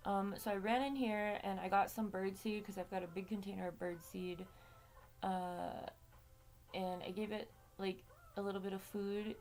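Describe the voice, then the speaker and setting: A woman's voice: mid-range voice, steady tone, normal speed, darkish tone, slight background noise. Woman vlogger, casual rambling story, salty language, mid-range voice. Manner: chatty, swears freely, many fillers. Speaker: vlog host.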